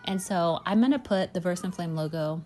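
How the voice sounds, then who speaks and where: A woman's voice: fairly low pitch, a little fast, darkish tone. A woman who makes candles, chatting casually in a storytelling vlog and rambling with lots of "like" and "you know.". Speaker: candle maker and small business owner.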